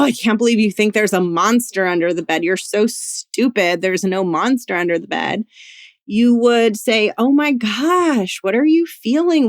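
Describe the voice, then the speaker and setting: A woman host speaks in a gentle, encouraging way, often dropping "like" and "you know." Her voice sits at an ordinary middle pitch. It is recorded on a close, dry mic with no room sound. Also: dry recording. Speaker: podcast host and career coach for women. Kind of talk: solo podcast monologue.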